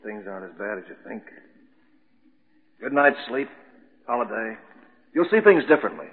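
A man's voice: mid-range voice, animated, moderate pace, close to an everyday voice. An actor playing a doctor who firmly coaxes his distraught old friend in an old radio drama. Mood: coaxing. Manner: coaxing, firm and reassuring. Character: steady male doctor, the chemist's old friend. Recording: tinny old broadcast with long reverb.

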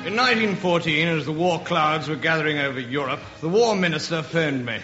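Brief: male comic narrator, plummy mock-memoir, slightly high voice, lo-fi echoey radio sound. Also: fairly quick, over loud music. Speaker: comedy performer. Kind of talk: radio sketch comedy narration.

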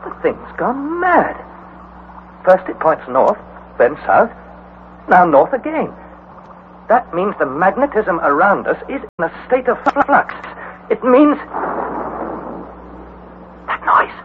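An actor playing an anxious, excitable young man who also narrates the story, in an old radio drama with a tinny sound. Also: high-pitched, slow pace, long pauses, full character voice. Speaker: Harry, nephew and narrator. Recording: tinny lo-fi old radio recording with faint hiss.

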